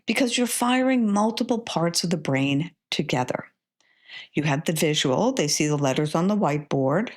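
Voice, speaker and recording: A woman hosting an instructional podcast, patiently explaining a reading method step by step and sounding out syllables slowly. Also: sits low, animated, darkish tone. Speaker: podcast host and reading tutor.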